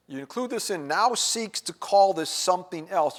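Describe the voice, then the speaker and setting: Male pastor, slightly high-pitched, conversational sermon with sudden loud peaks, recorded in a reverberant sanctuary. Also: animated, normal speed, few pauses. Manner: conversational, rhetorical questions, wide swings in loudness. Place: church sanctuary. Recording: church sanctuary with long reverb.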